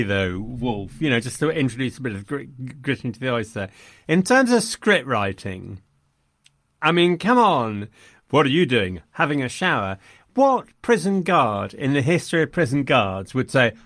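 A man with a lively, swooping voice trades wry, mock-outraged remarks in a casual film chat. His delivery is theatrical and emphatic, and the recording is close and dry with no room sound. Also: medium pitch, normal speed, no room sound.

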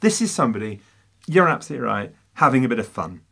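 Animated, theatrical man. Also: mid-range voice, fast, vocal fry, breathy edge. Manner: theatrical, emphatic, teasing. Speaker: podcast co-host. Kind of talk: casual film discussion.

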